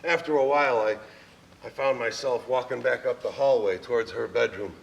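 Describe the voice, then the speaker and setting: A man's voice: mid-range voice, normal speed, gravelly, highs cut off. A man performing a heartfelt personal monologue on a theater stage, telling his story with frequent chuckles. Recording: distant stage recording, faint ambience.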